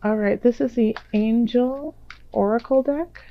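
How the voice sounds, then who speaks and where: A woman doing a tarot reading in a casual, gentle, reassuring way, with many fillers. Her voice is a little raspy while it recovers. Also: a little high, a little slow, highs cut off. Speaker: tarot reader. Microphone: own microphone.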